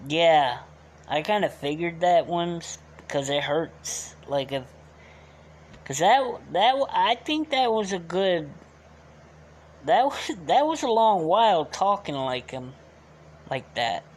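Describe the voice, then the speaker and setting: A man's voice: on the high side, animated, slow pace. A man streaming live, chatting casually with viewers and asking them to rate his voice, his throat sore from the bit. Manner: loose and chatty, asks viewers to rate him.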